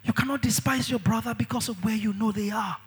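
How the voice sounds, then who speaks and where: A man preaching a sermon in an animated way, shouting at times, dropping low at others, and repeating phrases for emphasis. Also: fast talker, husky.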